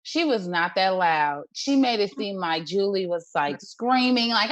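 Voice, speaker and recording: A woman co-hosts a relaxed TV recap chat, animated and sassy at a middle pitch. She throws herself into her opinions and mimics the scenes she describes. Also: unhurried. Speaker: co-host panelist. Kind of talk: casual TV recap discussion.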